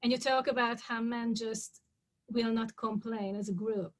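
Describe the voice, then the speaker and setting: A woman interviews her guest in a calm, conversational manner. Her voice sits fairly high but moves little in pitch. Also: a little slow. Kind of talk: interview questions.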